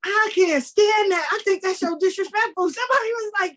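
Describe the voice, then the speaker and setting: A woman guest on a casual podcast, blunt and animated, acting out the people in her stories. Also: very high voice, a little fast, hardly any pauses.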